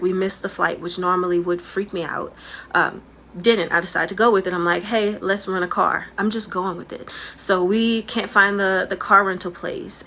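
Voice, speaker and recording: A woman in a relaxed, chatty way telling a personal story to camera, with fillers like "like" and "um". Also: fairly low pitch, gravelly, slight background noise.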